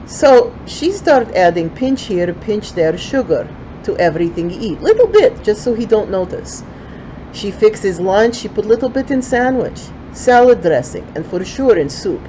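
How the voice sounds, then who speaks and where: A woman's voice: medium pitch, sing-song, moderate pace, dark tone, muffled recording, slight background noise. An older woman with a Ukrainian accent telling a folksy story in broken English, with chatty asides.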